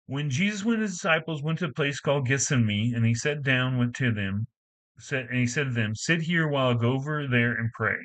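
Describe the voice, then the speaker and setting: A man's voice: medium pitch, fairly bright tone, poor audio. A man reading a scripture passage aloud, stumbling now and then and correcting himself as he goes. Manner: halting reading with frequent stumbles and self-corrections. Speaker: Bible reader.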